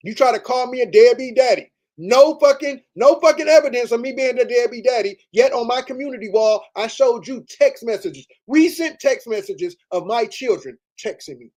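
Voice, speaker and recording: A man's voice: extremely high pitch, a little mellow. A man hosting a livestream, ranting in a heated, profane, repetitive way. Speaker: livestream host. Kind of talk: livestream rant.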